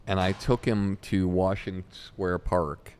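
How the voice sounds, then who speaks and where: A man's voice: sits low, unhurried, a little hiss or hum. A man, a comedy talent manager, telling long anecdotes in an interview and acting out what people said. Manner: animated anecdotes, acts out quotes. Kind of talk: storytelling in an interview.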